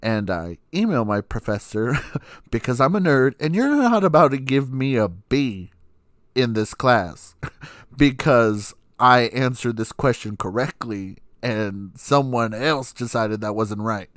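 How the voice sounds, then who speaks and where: A man's voice: medium pitch, measured pace, dry recording, clean studio sound. Sassy, laughing young man telling a story. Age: young adult. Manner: animated, sassy and profane, laughing often. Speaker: podcast host. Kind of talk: casual storytelling.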